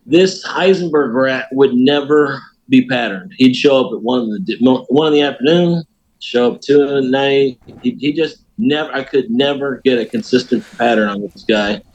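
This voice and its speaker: An American man, a podcast guest, telling a story in a folksy, animated way. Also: medium pitch, muffled recording. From United States. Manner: animated storyteller, folksy, laughs at his own tale. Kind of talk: casual storytelling.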